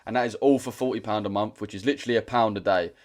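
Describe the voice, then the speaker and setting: Brief: young British male streamer, low-ish pitch, blunt slangy chat, repeats himself. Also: fairly even intonation, racing. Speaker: trading livestream host. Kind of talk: casual livestream chat.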